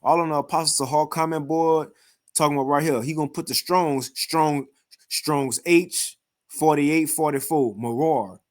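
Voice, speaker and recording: A man with a somewhat high voice gives loose, conversational scripture commentary. He reads passages aloud and breaks in with animated, mocking asides, often stumbling over and repeating his words. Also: normal speed. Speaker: scripture teacher reacting to another video. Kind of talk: informal scripture commentary with readings.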